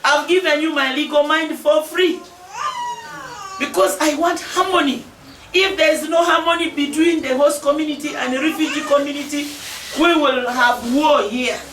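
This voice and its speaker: A woman's voice: high-pitched, steady tone, normal speed, fairly bright tone. A Ugandan woman in her forties, a member of parliament, giving an emphatic public speech and often raising her voice with laughter. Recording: echoey, distant mic with noise.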